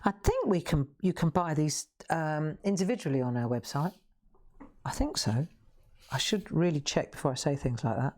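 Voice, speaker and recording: A woman's voice: low-pitched, expressive, normal speed, mellow. A woman hosting a live colouring demonstration, chatting, laughing often and making self-mocking asides. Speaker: craft show host.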